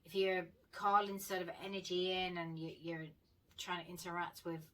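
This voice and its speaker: A woman's voice: on the low side, flat delivery, normal speed, distant mic, rough recording. A woman vlogger telling a personal story in a casual, chatty way, swearing freely and laughing often. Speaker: paranormal vlogger.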